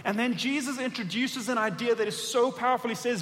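A man with a high voice preaches a sermon, reading scripture aloud and acting out what the characters say. His voice rings with a long reverb in a church sanctuary. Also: fairly quick, a bit bright. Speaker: pastor.

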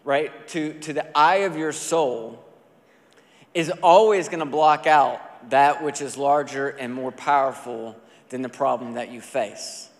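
A man preaching a sermon as a pastor, talking in a conversational, animated storytelling way with casual asides. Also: medium pitch, measured pace. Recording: long hall reverb.

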